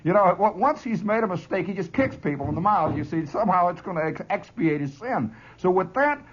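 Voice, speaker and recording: A man hosting a radio show, telling a long story in an animated, chuckling monologue, on a dull 1970s broadcast. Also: high voice, brisk. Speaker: radio host.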